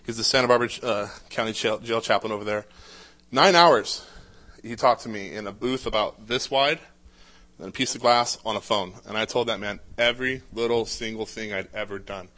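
Speaking at a normal speed with a lowish voice and a sharp tone, this man gives a personal testimony. His account of his life is casual and conversational, full of "uh" fillers and restarts.

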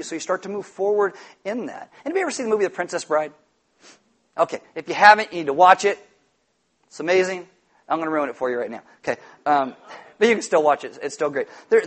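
A man preaching a sermon, animated and jokey, telling stories with loud shouted impressions. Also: on the high side. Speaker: pastor.

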